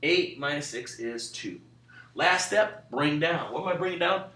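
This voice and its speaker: A man teaching a math lesson as the class teacher, lively, chanting steps and walking through each problem aloud. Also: on the high side, measured pace, reverberant, recorded from a distance, slight background noise. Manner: animated, acts out voices and chants steps.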